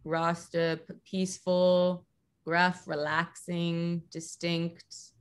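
Slow woman listing words on a call. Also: lowish voice, flat delivery, clear, resonant tone. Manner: slow, deliberate, one word at a time. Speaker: class participant.

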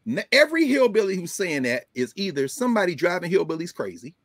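Animated man with lively, dry-voiced commentary. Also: high voice, fast, no room sound. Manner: animated, emphatic, switches into colloquial talk. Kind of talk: lecture-style commentary.

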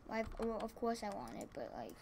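A tired woman giving casual gameplay commentary at home, excitable and rambling, repeating her exclamations. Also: medium pitch, brisk, gravelly, slight background noise. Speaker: gaming channel host. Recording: keyboard clicks and typing behind.

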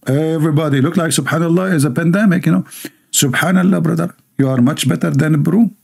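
A man's voice: on the high side, fast talker, vocal fry, a little mellow, breathy edge. A man hosting a livestream, reading viewer comments aloud and mocking them with sarcastic asides and laughter.

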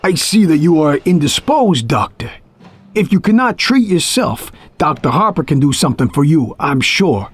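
A man's voice: a little high, big pitch swings, moderate pace, husky, pitched above the performer's own voice. A man voicing a mad, genial middle-aged male doctor who drifts between cheer and menace, in an audiobook. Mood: suave. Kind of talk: audiobook character voice. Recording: faint music underneath.

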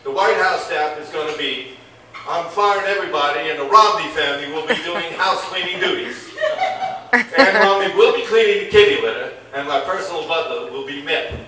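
Man doing a loud swaggering president bit; distant mic, big room echo. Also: a little high. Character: brash adult male president impression. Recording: echoey club, far from mic, crowd.

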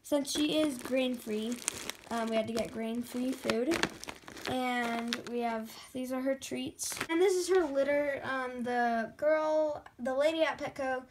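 A young woman vlogging casually at home in a chatty, excitable way, often quoting what others said. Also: sits high, measured pace, a little hiss or hum. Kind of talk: casual vlog chat to camera.

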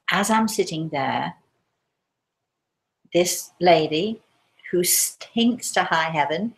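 An English woman who works as a spiritualist medium tells a story live, her voice dropping soft and hushed whenever she quotes herself. Her pitch is fairly low and the audio quality is poor.

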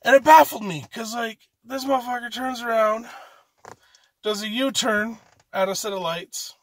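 A man's voice: extremely high pitch, normal speed, fairly bright tone. A man from Canada doing an amateur stand-up comedy set, ranting profanely in a rambling way and restarting his sentences often.

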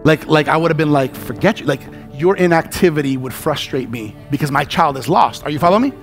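A fairly high-voiced man preaches a sermon as a pastor, telling his story in a lively, animated way. He acts out shouts and bits of dialogue as he goes. Music plays clearly behind him throughout. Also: fast.

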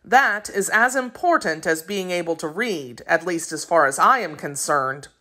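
A woman's voice: fairly low pitch, animated, moderate pace, bright, forceful tone. Woman voicing a kindly old typesetter man. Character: kindly old male typesetter, gruff then gentle.

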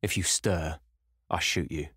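A man voicing a short, thick-set vengeful sailor who growls threats in a gruff voice, in a storybook reading. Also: sits low, unhurried, bright, forceful tone, no room sound, clean studio sound, exaggerated voice. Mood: menacing.

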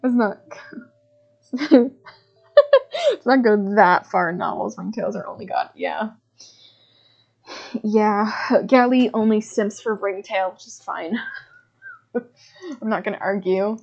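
A woman's voice: mid-range voice, very animated, slow pace, vocal fry, pauses often, darkish tone, highs cut off. A woman streaming a puzzle game live, talking casually, often puzzled, swearing and laughing as she reads chat aloud. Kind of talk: casual live gameplay commentary.

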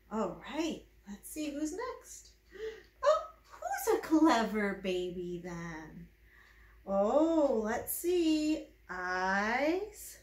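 A woman's voice: a little high, roomy sound. A woman, a children's librarian, leading a baby storytime from home, coaxing little ones with sing-song questions and delighted gasps. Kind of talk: baby storytime reading and rhymes.

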